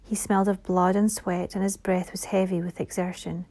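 A woman narrating a fantasy audiobook in a soft, measured reading voice that drops to a whisper at times. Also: on the low side, flat delivery.

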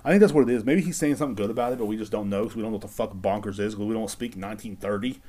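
A man rambles through a casual solo podcast rant, swearing constantly and muttering to himself. His voice is mellow and darker in tone. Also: on the low side, rapid-fire. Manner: profane, rambling, talks to himself. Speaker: podcast host.

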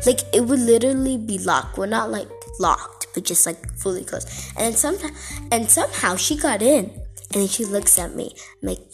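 A woman's voice: on the high side, expressive, moderate pace, faint music behind. A woman ranting casually to camera in a vlog, chatty and exasperated, full of "like" and "okay". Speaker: vlogger.

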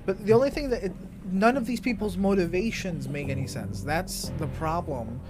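A podcast co-host arguing their take in a casual chat, with a mid-pitched voice. They restart sentences often and swear freely. Music plays clearly underneath. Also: animated, normal speed. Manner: opinionated, stammering restarts, swears.

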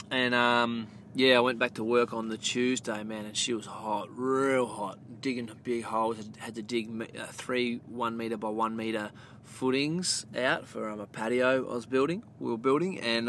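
A man's voice: medium pitch, a little hiss or hum. A man with an Australian accent hosting a podcast, telling a rambling story in casual, swear-filled chat and calling his listeners mate. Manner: gets loud and animated telling the punchline. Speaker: podcast host.

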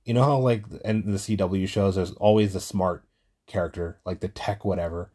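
A man hosting his own show, telling a story in a rambling, profane, casual monologue and getting louder when he is worked up. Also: normal speed. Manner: gets loud and high-pitched when excited. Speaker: podcast host.

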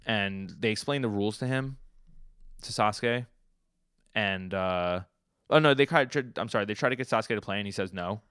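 A man co-hosting a podcast, casually recapping a comic chapter with fillers and lively retellings. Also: deep voice, clean tone, no echo, studio quality. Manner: animated storytelling with fillers and acted quotes. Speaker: podcast co-host.

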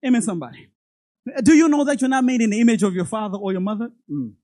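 Animated preacher mid-sermon, repeats words, calls out to the congregation. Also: medium pitch, quick pace, no echo. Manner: animated, stammers and repeats words, laughs between lines; speaks directly to the congregation, acting out God's voice.

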